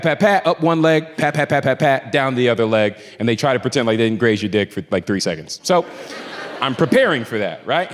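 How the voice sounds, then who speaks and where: A man telling a stand-up story on a club stage, moving from low mutters to shouted punchlines. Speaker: stand-up comedian. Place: comedy club stage before a live audience. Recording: live club recording, long reverb, crowd noise. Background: audience laughter.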